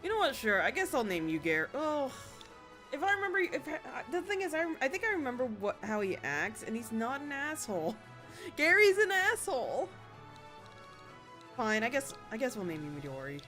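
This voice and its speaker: Animated woman streamer. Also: high voice, normal speed, faint music behind. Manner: chatty and expressive, with sudden excited squeals. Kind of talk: casual gameplay commentary.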